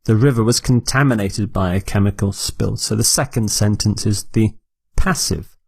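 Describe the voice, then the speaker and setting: A man teaching English vocabulary, repeating each word clearly and explaining it for learners. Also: fairly low pitch, normal speed, a little mellow, no room sound. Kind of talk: slow, deliberate vocabulary lesson.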